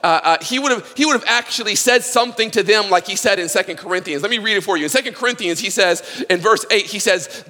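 A man preaching a sermon with passion, swinging from loud cries to hushed pleading. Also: sits high, fast talker, hardly any pauses, big-room sound. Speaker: pastor.

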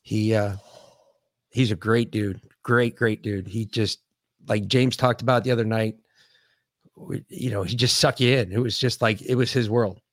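A man co-hosting a podcast in casual talk, grieving, speaking in halting, emotional bursts with lots of profanity and restarts. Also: lowish voice, steady tone, no echo, clean studio sound. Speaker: podcast co-host.

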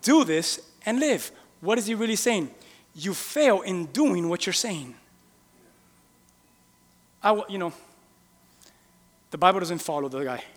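A male pastor preaching a sermon in a casual, animated way, firing rhetorical questions at the congregation. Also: high-pitched, measured pace, long pauses. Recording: long reverb in a large hall.

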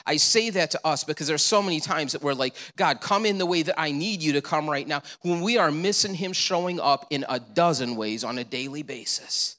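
A male pastor preaching a sermon, animated and storytelling, with rhetorical questions and repeated answers. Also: a little high, long reverb tail.

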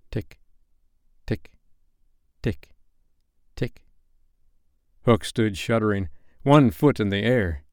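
A man reads a bedtime story in a calm, gentle way. His voice is low and recorded close with no room sound. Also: smooth, no room sound.

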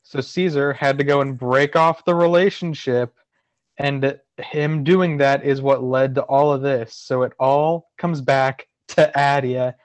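A man chatting casually on a podcast in a wry way, quick to correct the others. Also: mid-range voice, steady tone, dry recording, muffled recording. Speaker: podcast co-host. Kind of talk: casual chat.

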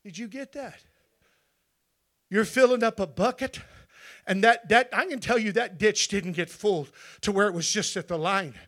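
A man preaching a Pentecostal sermon in a church, moving between hushed storytelling and shouted, drawn-out emphatic phrases. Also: high voice. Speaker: pastor. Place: church sanctuary.

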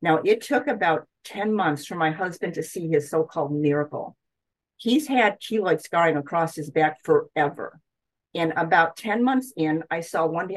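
A woman's voice: sits low, normal speed, poor audio. A middle-aged woman, a guest doctor, telling a personal story in an interview and animating her quotes of others.

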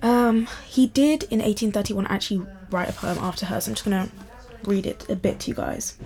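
A woman talks casually and eagerly about poems she loves, drifting off on tangents as she goes. Her pitch sits in an ordinary middle range for a woman, and her speech is chatty and unscripted. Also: fairly quick, a little mellow. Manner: enthusiastic and rambling. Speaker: vlogger. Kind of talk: casual chat about poetry.

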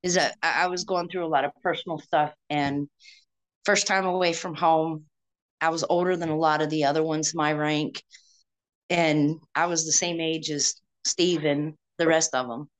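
A woman's voice: low voice, fairly even intonation, normal speed. A woman, an Army veteran, telling her story in an earnest, reflective way during a casual interview.

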